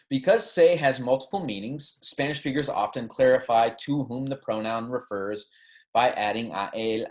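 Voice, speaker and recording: A man teaching a recorded language lesson, explaining patiently and often checking in with "right?" while modeling phrases slowly. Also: mid-range voice. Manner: switches between English and Spanish, models pronunciation slowly. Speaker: Spanish teacher.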